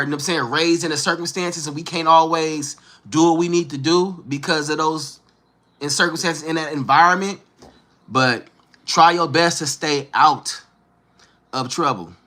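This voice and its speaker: This Northern Californian man in his thirties hosts a livestream, speaking loosely and slangily and answering his viewers straight on. His voice is bright and forceful, pitched a little high for a man, and he keeps the chat easygoing.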